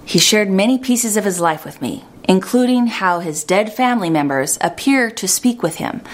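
A woman delivers an earnest sermon at a measured pace. She slows down to stress her key points, and her pitch sits in the middle range. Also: lively intonation. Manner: earnest, measured preaching with slowed emphasis. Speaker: preacher.

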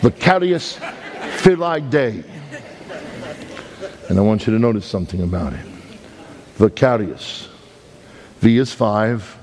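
Speaking at a moderate pace with frequent pauses and a darkish tone, a Brooklyn-accented preacher tells stories through his sermon. He drives his points home emphatically with big, dramatic swings in pitch, and a long hall reverb surrounds him.

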